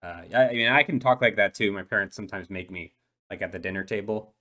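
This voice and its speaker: A man's voice: on the low side, fast talker, bright, forceful tone. A man voicing an eight-year-old dolphin boy in a tabletop role-play, who talks hesitantly with many ums and restarts. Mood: shy, earnest.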